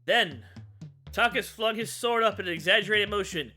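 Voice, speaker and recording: A woman streamer narrating a comedic tabletop adventure, crude and animated with loud outbursts. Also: mid-range voice, moderate pace, soft background music. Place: home streaming setup.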